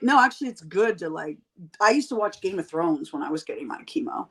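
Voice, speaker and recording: A woman in her fifties in candid casual chat, telling blunt, profane stories with lively quoted voices. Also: medium pitch, fairly quick, rough recording. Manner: blunt, profane, animated storyteller. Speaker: podcast guest.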